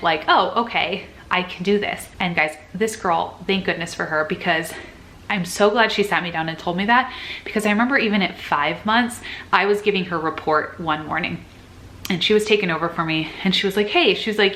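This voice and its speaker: A woman's voice: fairly low pitch, brisk, a bit bright. A young woman, a nurse, talking casually and earnestly to camera, acting out her own past worries as she goes. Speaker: nurse sharing advice. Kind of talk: casual vlog chat.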